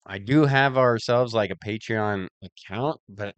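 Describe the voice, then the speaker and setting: A man's voice: fairly low pitch, unhurried, smooth, dry recording. A married man co-hosting a podcast in casual chat, easygoing and rambling as he tells stories. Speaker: podcast co-host.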